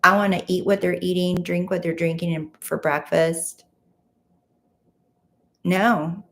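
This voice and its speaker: A chatty woman hosts a casual livestream from home, reading viewer comments aloud and reacting to each one. Her voice sits a little low and carries a gravelly, creaky edge. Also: steady tone, measured pace. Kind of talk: casual live chat.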